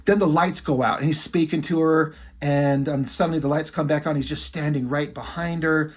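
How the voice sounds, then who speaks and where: A man's voice: on the high side, steady tone, a little fast, hardly any pauses, slight background noise. A man in his forties giving a casual, enthusiastic and profane comic book review, retelling the plot with quoted lines. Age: 40s.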